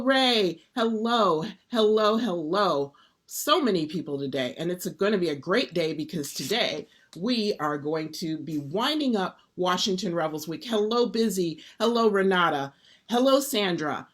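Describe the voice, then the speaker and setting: An upbeat woman hosts a live stream and greets viewers one by one. Her voice sits at a middle pitch, and she comes across as lively and cheerful. She grew up around Detroit. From Detroit area. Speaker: host.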